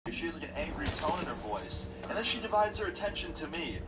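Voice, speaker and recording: A man narrating a personal story in a lively way, acting out quoted lines. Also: on the high side, fast talker. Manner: animated, acts out quoted speech. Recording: distant mic with loud background noise.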